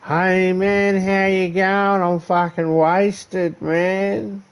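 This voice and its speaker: A man putting on the voice of a loud, touchy drunk man who swears. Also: high voice, level tone, drawn-out words, clean tone, voice pushed up, heavily acted. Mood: slurring cheerful.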